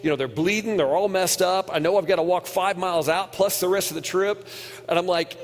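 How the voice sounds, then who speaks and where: A man preaching a conference sermon, telling a personal story earnestly and dropping quiet at its painful moments. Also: high voice, a little fast. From United States. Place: large hall. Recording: long hall reverb.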